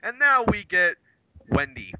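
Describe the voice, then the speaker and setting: Excitable man with a lively high voice. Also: unhurried, dry recording, muffled recording. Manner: excitable, jokey, drops into impressions. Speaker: podcast co-host. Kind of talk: casual wrestling recap chat.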